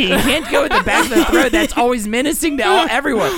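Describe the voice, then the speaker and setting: Man, podcast guest, teasing, laughs a lot, lively pitch. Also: fast talker, a loud crowd. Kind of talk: casual chat.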